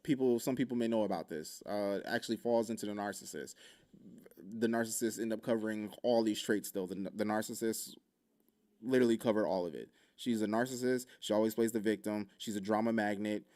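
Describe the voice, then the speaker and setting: This man hosts his own podcast and talks alone in a casual, frank way, rambling and cutting himself off, swearing heavily and sharing candid personal stories. His voice sits on the low side and sounds a little mellow, and he speaks a little fast.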